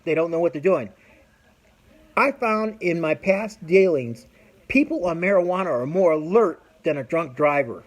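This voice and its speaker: A middle-aged man running a podcast rants about his opinions in a fairly high, animated voice at an ordinary pace. He's casual, rambling, blunt, and profane, restarting himself frequently.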